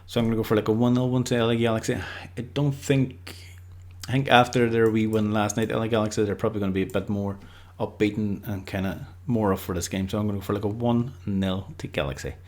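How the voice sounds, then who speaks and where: A man's voice: lowish voice, fairly even intonation, fast talker, few pauses, a little mellow. A man giving casual, unscripted football predictions, rambling loosely and leaning on lots of filler words. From Ireland.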